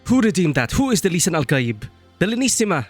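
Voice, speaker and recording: A man's voice: high voice, very animated, fast, breathy edge, soft background music. A man chatting casually on a live stream, rambling and friendly as he greets viewers.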